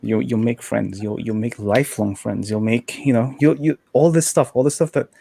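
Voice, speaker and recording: A man's voice: mid-range voice, normal speed, creaky, mellow, a little hiss or hum. A young man on a panel call, talking casually and rambling with many fillers and restarts.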